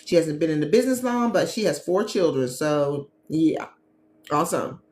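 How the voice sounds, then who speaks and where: A woman from the Midwest hosts a casual livestream, talking straight to her viewers and calling them "y'all". Her pitch swings widely as she chats. She is recorded in an echoey room with a faint hum of ambience behind her. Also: moderate pace. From Gary, Indiana, USA. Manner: chatty, animated, talks straight to viewers as "y'all". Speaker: host, travel agent and business coach.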